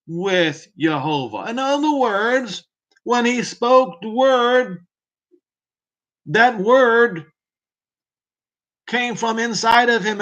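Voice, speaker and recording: With a high, fairly bright voice, a man delivers preaching Bible commentary as a teacher of scripture. Emphatic in tone, he leans on rhetorical questions aimed at the listener.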